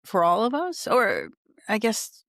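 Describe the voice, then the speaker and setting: A woman's voice: medium pitch, wildly swooping pitch, slow pace, gravelly, fairly bright tone, no room sound, clean studio sound. A woman hosting a podcast, reflective and thinking aloud as she talks with her guest. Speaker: podcast host. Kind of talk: casual interview chat.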